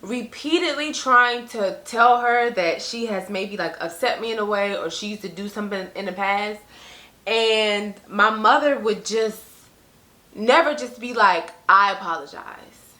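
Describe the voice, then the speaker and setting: A woman's voice: medium pitch, measured pace, echoey room. A young woman talking casually and earnestly to camera as a vlogger, filling her speech with "like" and "you know" and acting out quotes. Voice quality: conversational, frequent "like" and "you know". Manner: earnest, animated quoting of others. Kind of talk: casual reflective monologue.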